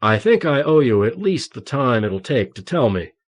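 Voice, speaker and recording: A man's voice: medium pitch, very animated, moderate pace. A male audiobook reader voicing a young male teacher just recovered from torture, ragged and agitated. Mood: bewildered.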